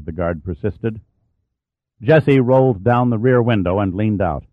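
A man narrates a story with a low, steady, measured voice. The sound is dry and narrow, like a phone line. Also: no echo. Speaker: audiobook narrator. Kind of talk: scripted narration.

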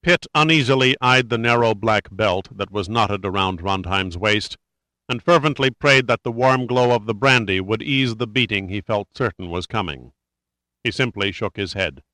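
A man reading a thriller aloud as narrator in a steady, measured way. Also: on the low side, dry recording. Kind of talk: scripted audiobook narration.

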